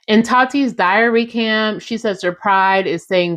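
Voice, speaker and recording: A woman's voice: mid-range voice, animated, measured pace, hardly any pauses. A young adult woman hosting a casual podcast, recapping a reality show in a chatty, sassy way and speaking straight to her listeners. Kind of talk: casual recap, acting out quotes.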